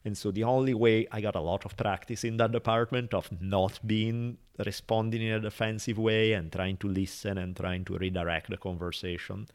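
A man's voice: on the low side, moderate pace, hardly any pauses. A man hosting a podcast, talking casually and acting out quoted speech as he tells a story. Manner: animated, acts out quotes and voices in a story. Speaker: podcast host.

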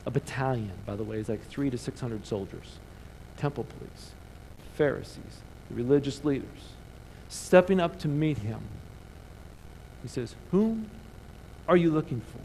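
A man preaching a sermon in church, animated, calling the congregation to answer back. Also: mid-range voice, normal speed, vocal fry, slight background noise, poor audio. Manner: animated preaching with call-and-response. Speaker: pastor. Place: church sanctuary.

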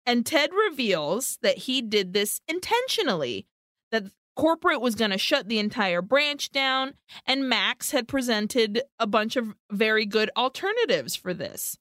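A woman's voice: a little high, very animated, unhurried, a bit bright, no echo, studio quality. A woman co-hosting a podcast, casually and animatedly retelling a film plot, swearing freely. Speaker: podcast co-host. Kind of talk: casual chat recapping a film.

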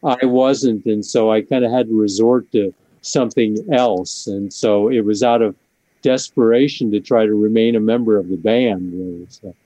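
A man's voice: lowish voice, steady tone, moderate pace, warm tone, dry recording, rough recording. A man, a musician guest, talking in an interview with dry, self-deprecating humor. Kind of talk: casual interview talk.

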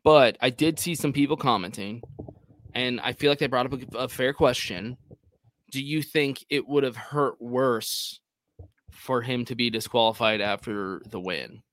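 A man's voice: medium pitch, measured pace, fairly bright tone, dry recording. A man co-hosting a podcast, talking in a loose, rambling, self-deprecating way. His voice sits mid-range and sounds close and dry. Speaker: podcast co-host. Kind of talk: casual chat.

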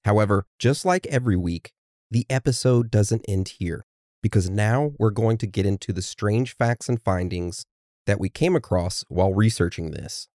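Low-voiced man steering a podcast. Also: moderate pace, darkish tone, no echo, clean studio sound. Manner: steers the episode, reads from notes. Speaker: podcast co-host. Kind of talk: casual podcast chat.

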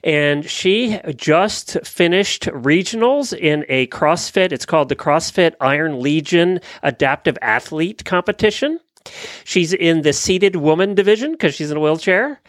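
A man hosting a podcast, chatting in an easygoing way and giving plugs and shout-outs. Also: a little high, expressive, unhurried, no room sound, studio quality. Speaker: podcast host. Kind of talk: casual chat.

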